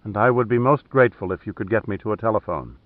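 A man's voice: lowish voice, fast, dry recording, natural voice. A man voicing a composed female undercover agent who asks for help formally and courteously, read in an audiobook. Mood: polite, urgent. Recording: tinny phone-like dry sound.

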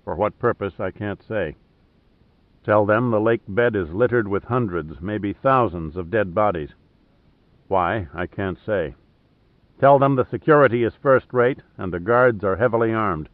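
A man reading as a calm man giving orders. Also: on the low side, measured pace, no room sound, lightly acted. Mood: urgent, instructive. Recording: tinny phone-like dry sound.

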